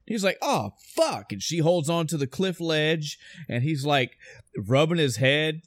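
On a dry recording, a man with a higher-than-average voice takes his time as he reviews a video game for a podcast. It's casual chat, full of swearing and eager rambling.

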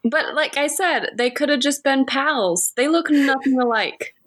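A woman's voice: high voice, a little slow, no room sound. A woman co-hosting a casual podcast, giggly and defensive in a playful way. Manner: giggly, animated, swings up and down. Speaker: podcast co-host.

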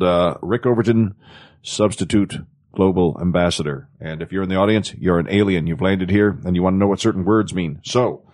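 Brief: very low-voiced male comedian guest, jokey and quick. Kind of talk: casual chat.

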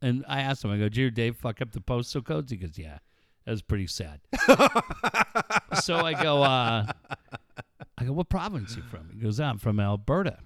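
A man's voice: medium pitch, animated, normal speed, pauses often, fairly bright tone, no echo, studio quality. A middle-aged man co-hosting a radio show, telling stories in casual banter, swearing freely and laughing as he goes. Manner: storytelling, swearing a lot, laughing.

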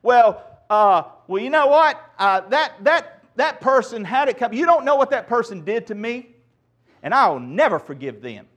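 A man's voice: very high-pitched, very animated, normal speed, a bit bright, pitched above the performer's own voice, heavily acted. A man preacher putting on an indignant, stammering person who refuses to forgive.

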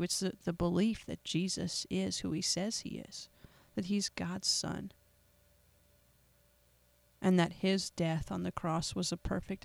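A podcast host making an emotional, earnest gospel appeal in a preacherly way, with pauses and repetition. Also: medium pitch, creaky, no echo.

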